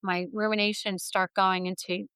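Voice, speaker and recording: A woman's voice: mid-range voice, level tone, moderate pace, fairly bright tone, clean tone, dry recording. A middle-aged woman, a guest author, telling a personal story in an interview in an earnest, heartfelt way. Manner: earnest, heartfelt, vivid retelling.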